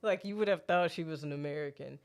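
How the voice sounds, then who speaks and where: A woman's voice: low-pitched, quick pace. A woman co-hosting a podcast in casual chat, blunt and profane, laughing often. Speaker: podcast co-host.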